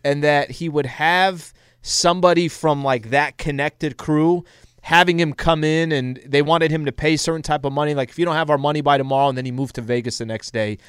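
A man co-hosting sports talk radio, chatty and quick with stories. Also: fairly high pitch, steady tone, a bit bright, clean tone, no room sound, clean studio sound.

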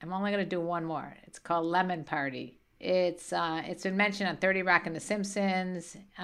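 A woman's voice: fairly low pitch, a bit bright, clean tone. A middle-aged woman co-hosting a podcast with her adult child, chatting casually in a teasing, playful way and laughing easily. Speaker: podcast co-host, host's mother. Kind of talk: casual chat. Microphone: podcast studio mic.

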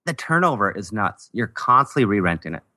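An older man chats casually as a guest landlord, his voice bright and forward in a dry, close recording. He tells stories in an easygoing way, with jokes along the way. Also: lowish voice, big pitch swings, fairly quick, no echo. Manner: easygoing, joking storyteller. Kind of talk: casual podcast chat.

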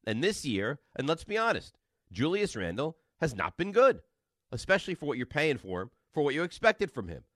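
A man hosting a sports talk radio call-in show, talking fast and arguing loudly with callers. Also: mid-range voice, no room sound, studio quality. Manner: animated, loud and combative with callers.

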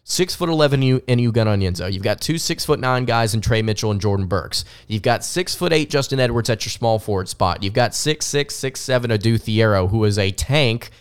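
Smooth-voiced Southern sports podcast host. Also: male voice, fairly low pitch, lively intonation, a little fast, few pauses. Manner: enthusiastic, repeats words when restarting.

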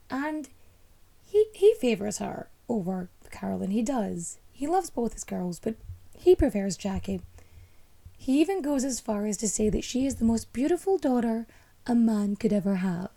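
A young woman hosting a history podcast, telling the story in a chatty, playful way with quick jokes and asides. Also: mid-range voice, creaky, mellow.

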